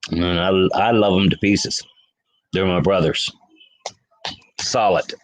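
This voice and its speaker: A man's voice: low-pitched, takes it slowly, long pauses, rough recording. A man hosting a casual livestream, chatting with viewers by name and laughing often. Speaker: livestream host.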